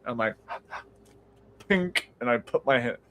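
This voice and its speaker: A man casually telling stories on a live stream call, animated and swearing freely. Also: a little slow, slight background noise. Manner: animated, acts out quotes in a high mocking voice, swears freely. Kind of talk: casual storytelling chat. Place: home.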